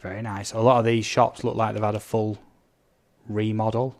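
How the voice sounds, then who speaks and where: A man's voice: lowish voice, flat delivery, moderate pace. Chatty man streaming a game. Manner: chatty, reads out viewer comments, blurts game sound effects. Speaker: gaming live streamer. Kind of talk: casual live-stream gameplay commentary.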